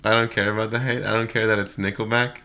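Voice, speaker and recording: Guy on a podcast, gravelly but bright voice, teasing his buddies, laughs a lot. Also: fairly low pitch, level tone, fast talker, a little hiss or hum. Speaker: podcast co-host. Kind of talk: casual comedy chat.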